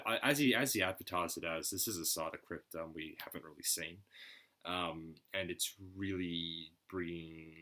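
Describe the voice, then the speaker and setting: Low-voiced guy doing a music reaction, stumbly and earnest, kinda choked up, edgy sharp tone. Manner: halting, full of restarts and fillers, earnest. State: choked up, emotional. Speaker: music reaction video host. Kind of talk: casual reaction commentary.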